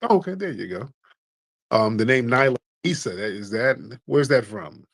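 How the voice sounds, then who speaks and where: Man, call-in show host, teasing, slangy, laughs a lot, mid pitch, dry close sound. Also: sing-song, moderate pace, no room sound.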